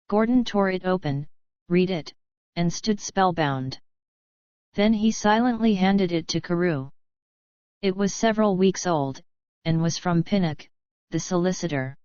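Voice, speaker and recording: A woman narrating an audiobook in a measured, even reading. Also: on the low side, smooth, no echo, highs cut off.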